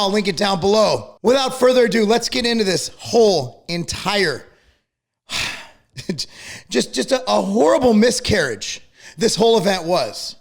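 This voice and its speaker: A middle-aged man ranting to camera about a feud, angry, profane and worked up to the point of yelling. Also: high voice. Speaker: fitness company owner and channel host.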